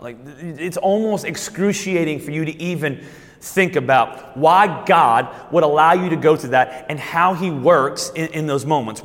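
A man preaching a sermon as pastor. He repeats and restarts words, then slows down and lifts his voice to stress key points. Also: a little high, big-room sound.

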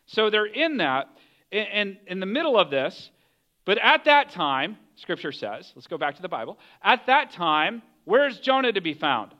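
A man preaching a sermon as pastor, telling the story in a lively way and acting out the voices of the people in it. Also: sits high, moderate pace, dull audio. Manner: animated storytelling, acts out voices of characters.

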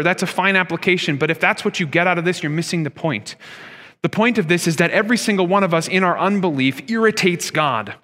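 Bright-voiced man preaching in an echoing hall. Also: a little high. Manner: conversational preaching with rhetorical questions. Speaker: pastor. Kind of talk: sermon. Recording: long hall reverb.

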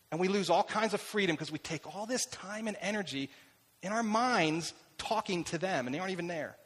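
A man's voice: sits high, a bit bright. A middle-aged man preaching as a pastor, telling stories about himself in a conversational way. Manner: conversational, self-deprecating storytelling. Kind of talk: sermon. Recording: long hall reverb.

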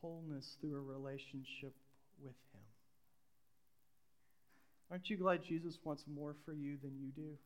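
High-voiced man preaching a sermon. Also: fairly even intonation, normal speed, pauses often. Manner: conversational preaching with repeated phrases and questions to the congregation. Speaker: pastor.

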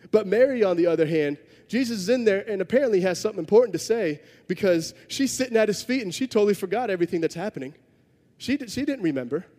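A man's voice: high voice, dark tone, long reverb tail. A man preaching a sermon, telling a story in a conversational way with self-deprecating humor. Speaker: pastor.

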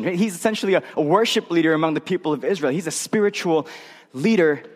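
A man's voice: high-pitched, big-room sound. A male pastor preaching a sermon in a conversational way, often checking in with tag questions.

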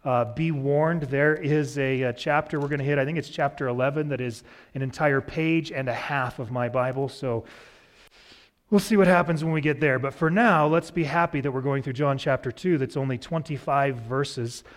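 A man preaching a sermon as pastor in a church sanctuary, relaxed and cracking light jokes to the congregation. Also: mid-range voice, normal speed. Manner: relaxed, joking asides to the congregation.

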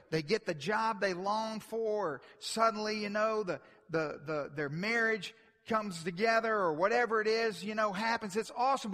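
High bright-voiced male preacher in echoing hall. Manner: emphatic, builds from quiet to loud. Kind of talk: sermon. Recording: long reverb from a large hall.

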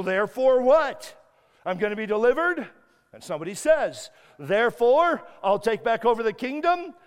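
A man's voice: very high voice, clear, resonant tone. A man preaching a sermon with emphatic repetition, now and then acting out a prayer. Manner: emphatic, repeats words and restarts, acts out prayers. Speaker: guest preacher. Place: church sanctuary. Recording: long hall reverb.

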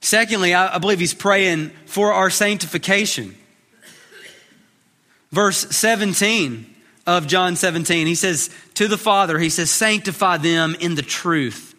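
Man, pastor, sermon, high bright voice, earnest, long hall reverb. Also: unhurried. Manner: earnest, repeats words when starting phrases.

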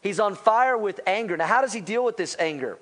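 A man preaching a sermon to a church congregation, animated and conversational, acting out quoted lines and asking the congregation for responses. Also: sits high, a little fast. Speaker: pastor.

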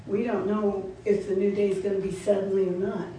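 In a church sanctuary, a woman with a medium-pitched, fairly flat voice preaches quickly, firing repeated questions at the congregation and laughing between them. She sounds distant, with room echo and faint noise.

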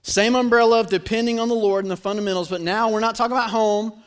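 Young male pastor, light high voice, chatty sermon with acted-out bits. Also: fast, clear, resonant tone. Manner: conversational, animated storytelling with acted-out voices.

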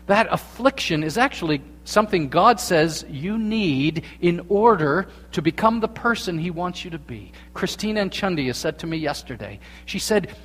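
A man preaching a sermon as a pastor, earnest, dropping to hushed tones and then rising to emphatic points. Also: high voice, expressive, moderate pace, few pauses. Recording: long reverb of a large hall.

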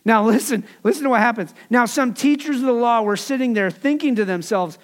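A pastor preaching a sermon in a high voice for a man. He talks to his people in a loose, conversational way, with asides and phrases he says again and again. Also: brisk, few pauses.

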